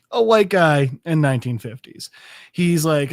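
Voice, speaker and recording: Speaking a little slowly with lively intonation, a man with a fairly high voice co-hosts a podcast and recaps a show. He rambles loosely, using plenty of fillers and profanity, and the studio-quality audio has no room sound.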